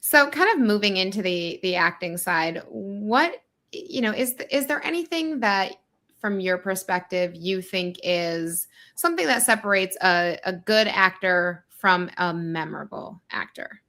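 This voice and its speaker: A woman co-hosting a casual podcast conversation, encouraging and emphatic, with quick affirmations. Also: mid-range voice, animated, sharp tone. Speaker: podcast co-host, casting director.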